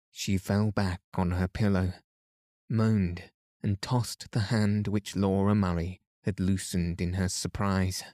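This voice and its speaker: Slow, soft-spoken male bedtime narrator. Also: low-pitched, level tone, dry recording, clean studio sound. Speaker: podcast narrator. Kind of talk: bedtime story reading.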